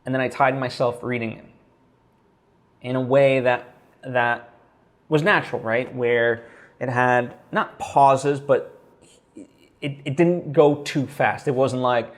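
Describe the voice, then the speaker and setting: A man's voice: mid-range voice, fairly even intonation, takes it slowly, long pauses. A man talking straight to camera in a casual vlog, thinking aloud with lots of fillers and restarts. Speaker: vlogger.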